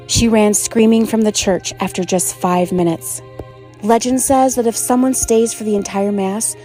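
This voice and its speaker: A woman giving scripted narration of a spooky legend in a steady, measured way. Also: mid-range voice.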